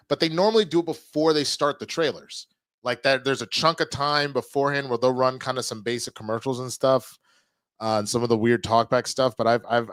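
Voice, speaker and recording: A man streaming live, chatting casually with his viewers, reading their messages and reacting loudly to clips. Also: mid-range voice, dry recording. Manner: animated, reacts loudly to clips and reads chat.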